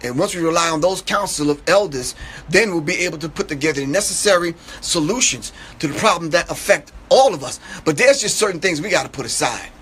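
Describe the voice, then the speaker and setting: A man's voice: a little high, expressive, a little fast, fairly bright tone, a little hiss or hum. A man being interviewed in a casual conversation, speaking emphatically and often checking that the listener is following. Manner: emphatic, repeats "you understand what I'm saying". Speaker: interview guest.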